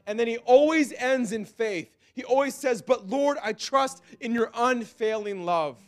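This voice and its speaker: Pastor guy preaching, high voice, gets fired up, dry close sound, soft music under it. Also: unhurried, few pauses, no echo. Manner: impassioned, rising high and loud when quoting the psalm. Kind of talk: sermon. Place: church.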